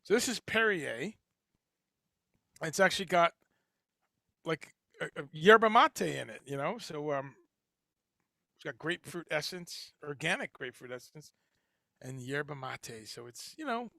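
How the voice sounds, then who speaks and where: A man's voice: on the high side, animated, measured pace, vocal fry, pauses often, bright, forceful tone, dry recording, studio quality. A man hosting a casual livestream chat, talking in a rambling way with lots of fillers and restarts. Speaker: livestream host. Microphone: headphones and home streaming setup.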